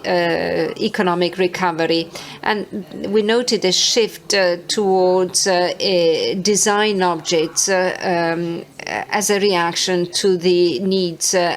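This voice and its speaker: A woman interpreting a conference talk, halting and hesitant, with many filler sounds between words. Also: lowish voice.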